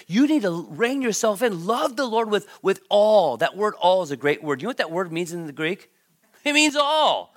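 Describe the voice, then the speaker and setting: A pastor preaches with a voice pitched a little higher than most men's. He leans hard on key words and then drops to quiet asides, and he often repeats himself as he goes. He turns to the congregation with direct questions. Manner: emphatic, swings between loud stresses and quiet asides, repeats words. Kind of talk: sermon.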